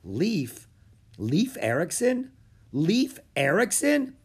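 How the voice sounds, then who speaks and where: A man's voice: fairly high pitch, lively intonation, creaky, a little mellow, husky, voice pushed up, exaggerated voice. A man voicing a nervous, bookish young boy in a storybook reading. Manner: anxious, hurried.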